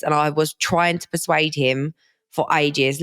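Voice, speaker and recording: A woman's voice: sits low, fairly even intonation, unhurried, a bit bright, clean tone, dry recording, clean studio sound. A woman in her twenties co-hosting a podcast, chatting casually and teasing her partner. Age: 20s. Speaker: podcast co-host. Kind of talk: casual chat.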